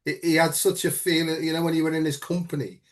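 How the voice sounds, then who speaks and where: A man's voice: a little high, level tone, quick pace. A man hosting a casual chat show, talking earnestly and rambling with lots of "you know". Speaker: host.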